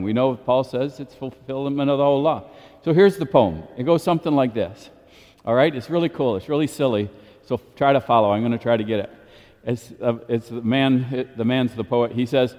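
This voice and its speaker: A Catholic priest giving a daily homily in a lively, informal way, chuckling often. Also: male voice, mid-range voice, moderate pace, big-room sound. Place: church.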